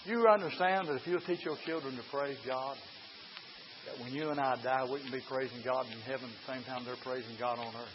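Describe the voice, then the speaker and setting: A preacher, delivering a fiery revival sermon, folksy and hollering in bursts, sometimes out of breath. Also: male voice, mid-range voice, a little fast. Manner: shouts and hollers in bursts, folksy, runs laps while preaching. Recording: dull lo-fi recording with faint hiss.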